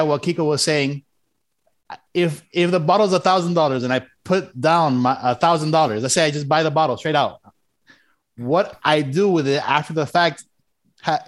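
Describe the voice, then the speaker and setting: Joking defensive man, casual chat. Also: a little high. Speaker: guest.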